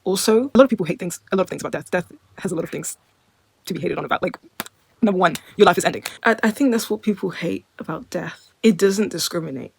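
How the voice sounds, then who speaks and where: A woman's voice: lowish voice, expressive, fast, gravelly, a little hiss or hum. A woman in her twenties talking casually to camera in a rambling monologue, full of filler "like", drifting between wry and earnest. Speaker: vlogger.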